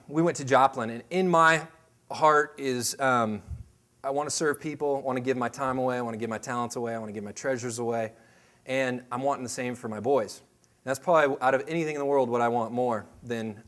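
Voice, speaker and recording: A man in his thirties leading a staff meeting, telling a personal story in a loose, animated way and acting out other people's voices. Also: mid-range voice, brisk. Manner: loose and rambling, many fillers and restarts. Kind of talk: storytelling talk to a team meeting.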